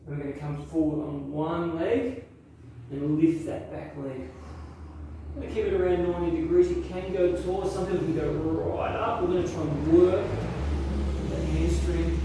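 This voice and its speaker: A man's voice: fairly high pitch, moderate pace, dark tone, slight background noise. Yoga instructor, male, encouraging cues, recorded far from the mic in a very echoey room. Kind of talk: guided workout instruction.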